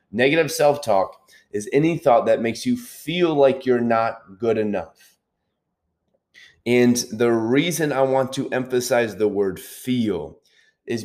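A man's voice: medium pitch, a little mellow. A man hosting a motivational self-help podcast, speaking earnestly, repeating key points and checking in with the listener. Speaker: podcast host.

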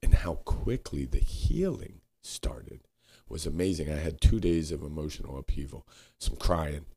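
A man co-hosting a podcast, talking earnestly and haltingly, searching for words and swearing now and then. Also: extremely low pitch, expressive, dark tone, husky. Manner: frequent swearing. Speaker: podcast co-host. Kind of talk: candid reflective conversation.

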